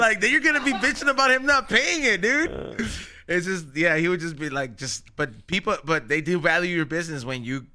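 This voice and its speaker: A man hosting a casual podcast, talking in slangy, excitable bursts and laughing often. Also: sits high, a little fast. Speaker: podcast host.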